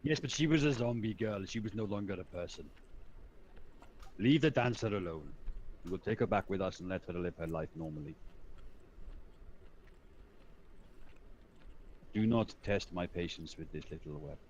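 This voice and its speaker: A man's voice: low-pitched, brisk, darkish tone, a little hiss or hum, lightly acted, low-quality recording. A man voicing a stern male bear warrior who talks stiffly and formally, never using contractions.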